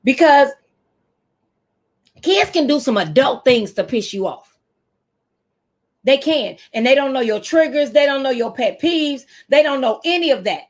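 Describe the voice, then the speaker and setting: A woman in her fifties from the United States speaks to camera as a teacher trainer, animated and preacherly, using AAVE. Her voice is high, and she takes her time, pausing often.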